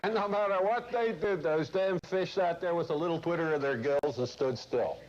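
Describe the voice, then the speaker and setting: A man giving a lecture to a corporate class, telling a long story in a blunt, salty, animated way. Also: fairly high pitch, normal speed. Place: lecture room. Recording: muffled old videotape with faint hiss.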